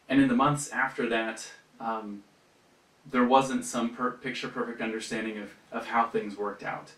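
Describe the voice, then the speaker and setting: A man's voice: medium pitch, measured pace, a bit bright. Reflective man speaking from a distance. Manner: reflective, conversational, many fillers and restarts. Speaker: retreat speaker. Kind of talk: personal faith testimony. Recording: roomy, from a distance.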